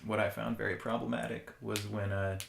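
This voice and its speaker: A man's voice: on the low side, level tone, a little fast, gravelly, echoey room, a little hiss or hum. A man co-hosting a podcast, reviewing a movie in casual chat with a wry, sarcastic manner and frequent laughs. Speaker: podcast co-host.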